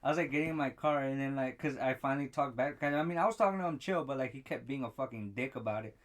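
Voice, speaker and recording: A man's voice: medium pitch, fast talker. A young man holds the floor on a casual podcast. He swears freely, trails off and restarts, and acts out every line of dialogue in his tale. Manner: profane storytelling, acts out quotes. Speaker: podcast co-host. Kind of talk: casual chat.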